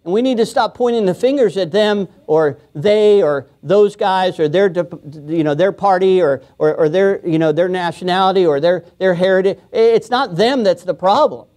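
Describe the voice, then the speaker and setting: High-voiced joking male pastor. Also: moderate pace, hardly any pauses, a little mellow. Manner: casual, joking, chuckles often; acts out quoted voices. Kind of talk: sermon. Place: church.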